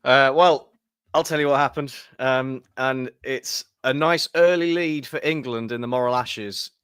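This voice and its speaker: A man's voice: medium pitch, measured pace, a bit bright, smooth, no echo, studio quality. A man co-hosting a podcast in casual chat, wry and rambling, often restarting his phrases. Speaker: podcast co-host.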